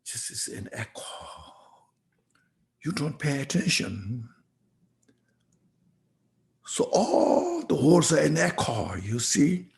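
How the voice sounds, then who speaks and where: A male Buddhist teacher delivers a Dharma talk at a slow, deliberate pace. His voice has a gravelly, creaky edge. He speaks reflectively and keeps tagging his points with "you see" and "you know.". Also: on the high side, huge pitch swings, darkish tone.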